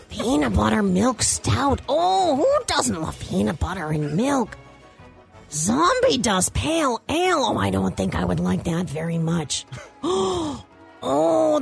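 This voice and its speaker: A woman doing an on-the-spot impression of a cheerful middle-aged cartoon housewife, with a raspy, gushing drawl. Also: a little high, voice pushed up, exaggerated voice.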